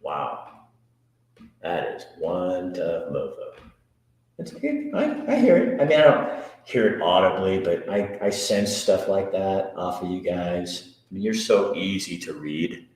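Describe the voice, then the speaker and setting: Deep-voiced joking man, echoey room. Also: measured pace, a little mellow. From Montana. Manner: joking, rambling, self-mocking. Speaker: livestream host reading viewer comments. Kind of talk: casual live chat.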